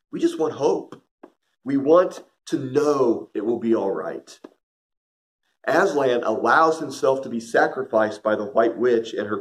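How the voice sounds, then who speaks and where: A man's voice: mid-range voice, darkish tone. Earnest middle-aged man giving a devotional talk. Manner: earnest, storytelling, addresses listeners directly. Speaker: devotional speaker.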